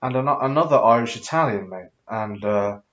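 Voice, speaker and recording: Man in his thirties, tipsy, rambling, sweary, mid-pitched voice, muffled lo-fi audio. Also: lively intonation, normal speed, fairly bright tone. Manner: rambling, hesitant with many fillers, sweary. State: tipsy after drinking. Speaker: vlogger. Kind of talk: rambling personal storytelling.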